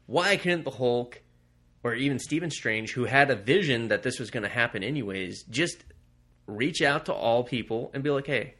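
A man's voice: medium pitch, normal speed. A man co-hosting a casual podcast about comics, swearing freely and acting out characters as he retells stories. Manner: profane, animated retelling with mock quotes. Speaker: podcast co-host.

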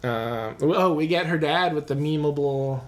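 A woman's voice: low voice, a little slow. A woman co-hosting a casual podcast, making wry jokes and playful asides while she talks through a horror film. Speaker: podcast co-host.

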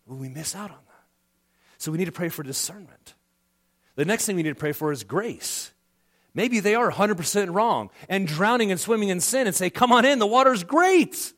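A middle-aged male pastor delivers a sermon in a conversational way. His voice sits slightly high and rises and falls in a lively, animated way. He briefly acts out the people he quotes. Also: moderate pace.

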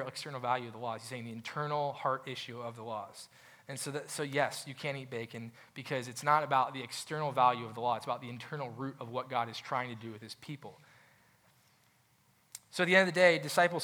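A young adult man preaching a sermon as a pastor, animated and conversational, acting out quoted voices and restarting his phrases often. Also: medium pitch.

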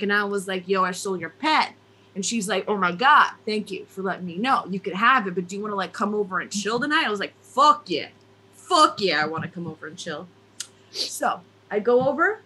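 A woman's voice: a little high, lively intonation, a little slow, pushed and bright, husky, heavily acted. A woman telling a story in a put-on Italian-American New Jersey accent, hammy and swearing freely. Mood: playful. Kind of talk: casual podcast storytelling.

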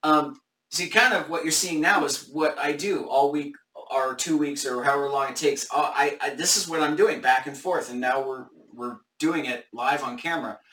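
A man's voice: on the high side, normal speed, bright, forceful tone, recorded from a distance. Man thinking aloud in a roomy space. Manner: thinking aloud, hesitant, many restarts. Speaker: Bible study host. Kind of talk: casual Bible study discussion, live on camera.

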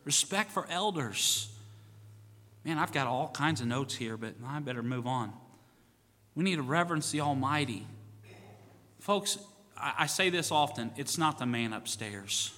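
Bright-voiced pastor preaching in a reverberant church. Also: male voice, medium pitch, lively intonation, measured pace. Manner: folksy, repeats "you know what?", acts out quoted voices. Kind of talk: sermon. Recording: church sanctuary with long reverb.

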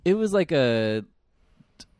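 A man's voice: on the high side, big pitch swings, slow, darkish tone, no echo, clean studio sound. A young man hosting a podcast in casual chat, with self-deprecating, rambling talk. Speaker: podcast host.

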